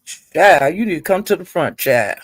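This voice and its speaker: A woman's voice: lowish voice, sing-song, normal speed, dry recording, clean studio sound. A woman hosting a livestream, retelling an online feud in a chatty, gossipy way and calling her listeners "child". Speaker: livestream host.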